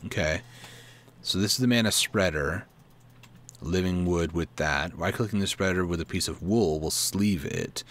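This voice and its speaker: A man with a deep, low voice reads an in-game guide aloud for his let's play. He trips over words and restarts them, and breaks off to muse and ask himself questions. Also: a bit bright. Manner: reads aloud haltingly, stumbling and self-correcting; asides and questions to himself between reading. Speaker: gaming channel host.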